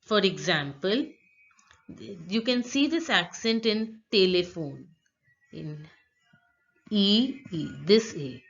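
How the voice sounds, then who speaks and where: A woman teaching pronunciation, slowly and patiently repeating words for beginners. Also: mid-range voice, lo-fi sound. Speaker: French teacher. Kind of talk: slow explanatory lesson.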